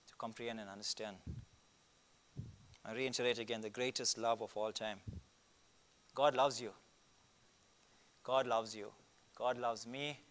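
A man preaching a sermon, stressing key words loudly and slowing down for scripture quotes while explaining word meanings step by step. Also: mid-range voice.

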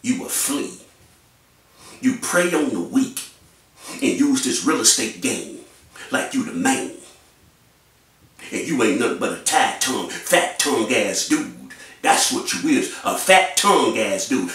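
Brief: fired-up male vlogger, AAVE, lively pitch swings, mic at a distance in a very echoey room. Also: a little slow, long pauses. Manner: animated, repetitive, mocking. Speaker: YouTube commentator. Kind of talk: ranting commentary.

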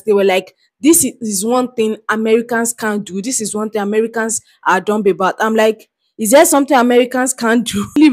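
A Nigerian woman hosts a casual reaction vlog in a slightly high voice. She talks in a loose, chatty way, restarting sentences and giggling between thoughts. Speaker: reaction vlogger.

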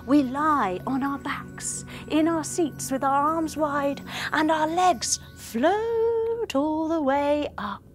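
Young woman leading kids yoga, unhurried, voice swoops all over, encouraging and playful. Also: sits high, lively intonation, faint music behind. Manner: playful, wide-eyed and encouraging, with gasps and sound effects. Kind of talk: storytelling yoga class for children.

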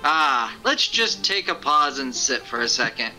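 A deadpan man acting out game lines with a bright, forceful tone and a lively range. Faint game music plays behind him. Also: mid-range voice, measured pace, rough recording. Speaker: player voicing characters.

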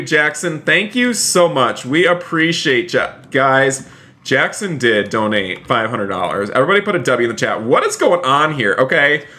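A man's voice: medium pitch, sharp tone. A man live-streaming a role-play game, chatting upbeat to his viewers and thanking donors. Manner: upbeat, chatty, addresses chat often.

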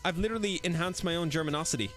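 A man's voice: on the high side, rapid-fire, a bit bright, soft background music. A man live-streaming a VR shooter, bantering with his chat in a crude, playful way. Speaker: game streamer.

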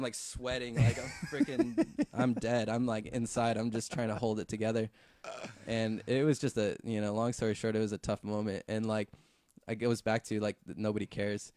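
Low-voiced man telling a story. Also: moderate pace. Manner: relaxed, filler-heavy, swears freely. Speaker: podcast guest, visual effects artist. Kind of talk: casual storytelling chat.

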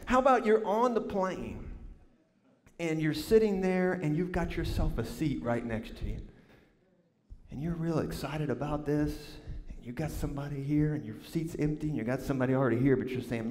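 A man delivers a sermon in a large sanctuary, and his voice sits a touch high. He tells stories with animated, drawling emphasis and often calls out to the crowd. A long reverb trails behind his words. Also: normal speed, slight background noise. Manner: animated, drawling, addresses congregation as y'all. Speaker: pastor. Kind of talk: sermon with humorous storytelling.

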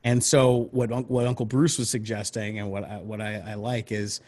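A man talks through script ideas in a loose, rambling way, leaning on fillers. His voice has a breathy, husky edge. He keeps slipping into acting out the characters' lines. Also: lowish voice, level tone, moderate pace, a little mellow. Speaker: screenwriter discussing script notes. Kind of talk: casual brainstorming chat.

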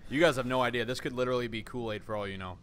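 Excitable swearing male game streamer. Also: mid-range voice, very fast, slight background noise. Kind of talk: live gameplay commentary. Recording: voice over game music. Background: game music.

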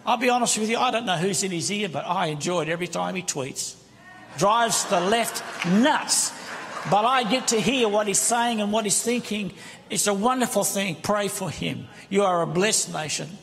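Male guest preacher, fervent and chatty, gravelly voice, handheld mic, faint background noise. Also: high-pitched, brisk, a bit bright. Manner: impassioned, conversational preaching. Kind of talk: sermon. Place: large church sanctuary. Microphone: handheld microphone. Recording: reverberant church hall with congregation.

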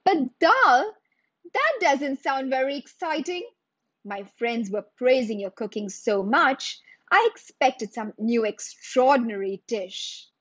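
A woman voicing a rich, bored male nobleman who is quick to get impatient, for a storybook reading. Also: sits high, lively intonation, no room sound, lo-fi sound, voice pushed up, exaggerated voice. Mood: haughty. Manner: bored, then quick to anger.

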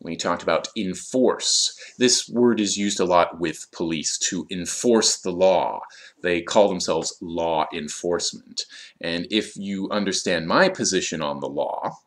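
A man's voice: sits low, fairly bright tone. A man teaching English vocabulary, explaining words carefully with frequent fillers. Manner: slow, deliberate explanations with fillers. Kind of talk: vocabulary lesson.

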